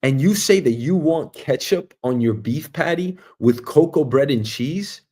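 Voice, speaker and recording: A man's voice: fairly high pitch, animated, unhurried. Rambling New man riffing solo. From Queens, New York, US. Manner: meandering, musing, jumps between loud bursts and quiet asides. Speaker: show host. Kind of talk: rambling comic monologue. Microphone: streaming mic.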